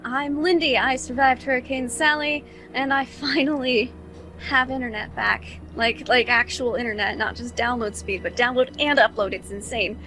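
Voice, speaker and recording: A woman introducing herself as a tabletop player, chatty and excited. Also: on the high side, normal speed. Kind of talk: casual chat.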